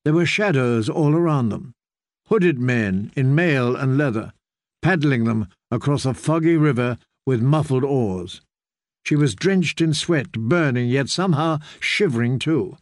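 A man reading fantasy narration for an audiobook in a measured, steady way. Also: mid-range voice, no room sound, clean studio sound.

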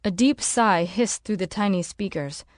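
Brief: woman audiobook narrator, mid pitch, measured, dry close recording. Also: dry recording.

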